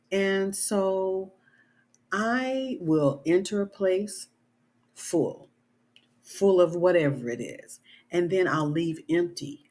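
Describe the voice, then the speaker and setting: Woman, middle-aged, author, husky voice, unhurried, earnest casual vlog talk. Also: on the low side, a little mellow. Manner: earnest, conversational, many "you know" and "right?" tags.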